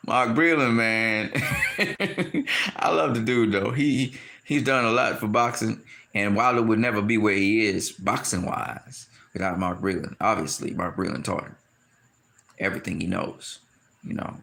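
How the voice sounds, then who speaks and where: A man giving a casual, animated boxing opinion rant, often laughing and acting out quotes in high shouted voices. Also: normal speed, gravelly. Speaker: boxing commentator.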